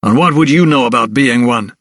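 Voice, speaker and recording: A man's voice: mid-range voice, a little fast, a bit bright, no room sound, studio quality, lightly acted. A man voicing a hot-tempered young doctor in an audiobook, speaking with heated indignation. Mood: indignant.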